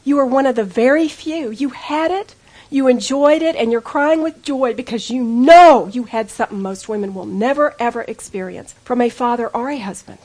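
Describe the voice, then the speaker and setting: Lady preacher, high voice, earnest and pleading, talking right to the women. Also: moderate pace, a little mellow. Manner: earnest storytelling, intimate and pleading. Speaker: women's speaker. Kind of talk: personal testimony sermon.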